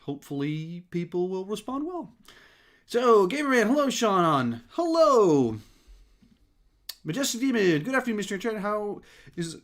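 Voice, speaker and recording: A man's voice: high-pitched, big pitch swings, measured pace. A man hosting a casual live-stream question and answer session, slightly out of breath, rambling with many fillers and restarts. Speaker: host.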